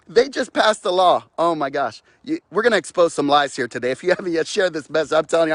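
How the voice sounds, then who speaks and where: A man's voice: a little high, lively intonation, fast talker, few pauses, no echo. A man delivering a fiery, preachy rant outdoors, repeating phrases and mocking others' voices, recorded close on a phone.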